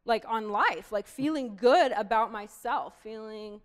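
A woman's voice: on the high side, a little slow. A woman in a casual chat, openly telling her own recovery moments with small laughs at herself. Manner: candid, self-deprecating, thinks aloud.

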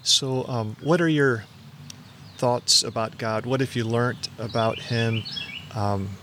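A man's voice: mid-range voice, steady tone, takes it slowly, fairly bright tone, slight background noise. A man interviewing a guest, asking questions in a hesitant way while he searches for words.

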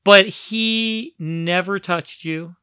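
A man telling stories about raising his child, animated and full of restarts, acting out quoted voices. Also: high-pitched, extremely slow, clean tone, no room sound, studio quality. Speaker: parent telling family stories. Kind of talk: casual storytelling conversation.

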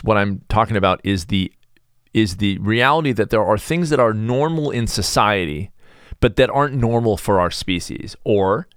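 A middle-aged American man hosting a podcast, talking in a blunt, sarcastic, animated monologue. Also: on the low side, smooth, no room sound, clean studio sound. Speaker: podcast host. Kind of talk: casual opinionated monologue.

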